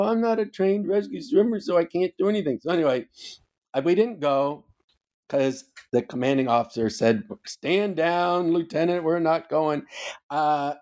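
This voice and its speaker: A man's voice: on the high side, a little mellow. An older man, a former officer, tells stories in a podcast interview, emphatic and swearing freely. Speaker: podcast guest, former Coast Guard officer. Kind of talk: casual storytelling interview.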